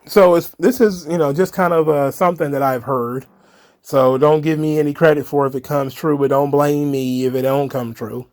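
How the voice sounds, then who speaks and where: A man's voice: on the high side, fairly even intonation, moderate pace, darkish tone. A man hosting a casual solo wrestling commentary, opinionated and rambling, with frequent fillers and restarts. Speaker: wrestling commentary channel host.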